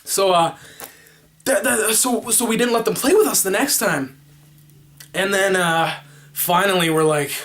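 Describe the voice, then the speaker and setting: A man vlogging, telling a story casually to the camera, rambling and animated, making his own sound effects. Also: high-pitched.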